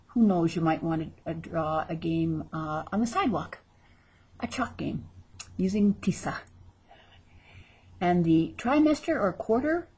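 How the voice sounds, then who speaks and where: A woman's voice: lowish voice, normal speed, a little mellow, slightly rough. A woman teaching vocabulary in a recorded lesson, repeating each word with exaggerated pronunciation and adding chatty asides. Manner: chatty asides between drills. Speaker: Spanish teacher.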